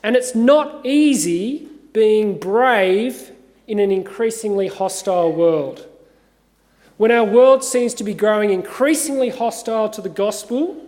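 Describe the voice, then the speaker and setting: A man with an Australian accent, an assistant minister giving a measured, earnest sermon with gentle humour in a cathedral. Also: high-pitched. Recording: long reverb of a cathedral.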